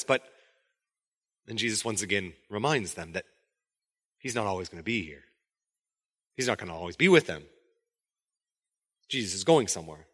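With a medium-pitched voice, this pastor preaches briskly but takes long pauses. His sermon is conversational and animated, and he acts out quotes from the story as he goes.

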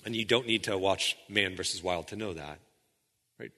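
A man preaching a sermon in a conversational way, with frequent restarts, sometimes dropping into quiet intensity. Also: low-pitched, moderate pace, big-room sound. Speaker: pastor.

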